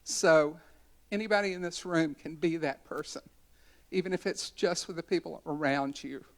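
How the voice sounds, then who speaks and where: A woman's voice: low-pitched, moderate pace. A woman in her sixties, a community educator, giving a storytelling talk at a symposium in a college conference center.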